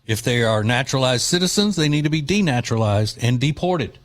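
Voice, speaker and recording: A man's voice: mid-range voice, expressive, a little fast. A man hosting a talk radio show, speaking in a loose, joking, opinionated way with plenty of fillers, recorded on a studio mic.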